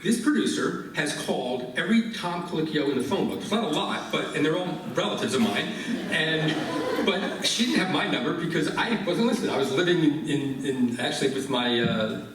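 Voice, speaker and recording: A man, a chef, telling a lively anecdote on stage at a live interview, with laughs and restarts. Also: a little high, fairly quick, a little hiss or hum. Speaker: chef and guest. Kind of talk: storytelling on stage. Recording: very echoey hall, from far off.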